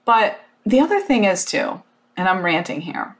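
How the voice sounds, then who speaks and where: A woman gives her audience a casual motivational talk at a medium pitch and moderate pace, telling the story with animated emphasis and plenty of "like." She's blunt and unfiltered, swearing now and then.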